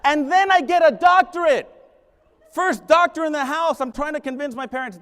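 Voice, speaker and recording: A man's voice: very high-pitched, animated, normal speed, fairly bright tone. A middle-aged man giving a humorous keynote at a conference, joking with the audience and switching into Spanish. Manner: joking, addresses the crowd directly, switches into Spanish. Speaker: keynote speaker, high school principal. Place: large conference hall. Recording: long reverb of a large conference hall.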